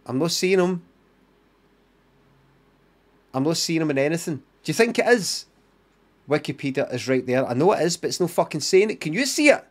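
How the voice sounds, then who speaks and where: A man's voice: a little high, very animated, fast. A man with a Scottish accent chatting, muttering and swearing through his live-stream commentary.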